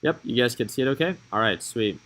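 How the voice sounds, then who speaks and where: A man's voice: mid-range voice, expressive, quick pace, a bit bright, rough recording. Chatty man calling live market moves. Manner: chatty, thinking aloud while watching charts. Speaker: stock trading streamer. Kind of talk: casual live-stream market commentary.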